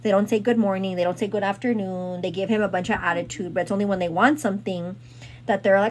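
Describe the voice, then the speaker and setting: A woman host retelling a story in casual chat, rambling and animated, with lots of fillers. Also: mid-range voice, quick pace, slight background noise.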